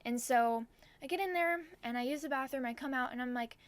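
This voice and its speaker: A woman's voice: high-pitched, fairly quick. A woman in her twenties telling a personal story to camera, chatty and full of "like". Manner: chatty, heavy use of "like". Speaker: vlogger. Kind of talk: storytime vlog.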